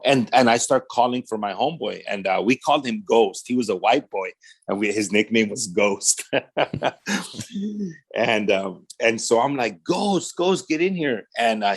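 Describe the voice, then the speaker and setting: A pastor telling his personal testimony in a podcast interview, speaking in casual street slang, often saying "man", and acting out the voices of the people in his story. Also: fairly low pitch. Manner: animated storyteller who acts out quoted dialogue.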